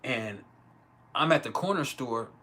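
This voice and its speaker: Bright-voiced man telling crude stories. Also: medium pitch, expressive, unhurried. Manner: crude, laughing often, acts out quoted voices. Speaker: live stream host. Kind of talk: casual storytelling. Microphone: home livestream mic.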